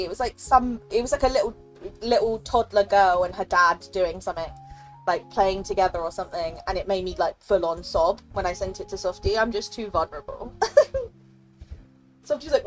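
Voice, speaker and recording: A young woman streaming a game, chatting casually and emotionally with her viewers, giggling and thanking them often. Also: medium pitch. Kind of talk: casual live-stream chat.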